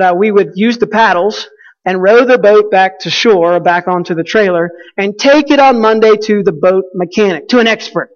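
Storytelling preacher in a reverberant hall. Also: male voice, high voice, highs cut off. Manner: storytelling, conversational, asks the audience questions. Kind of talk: sermon with a personal story.

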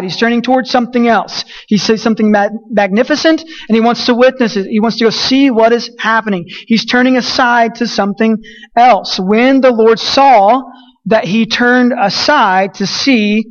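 Male preacher, higher register, earnest and self-correcting, muffled lo-fi recording. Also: moderate pace. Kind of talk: sermon with scripture reading.

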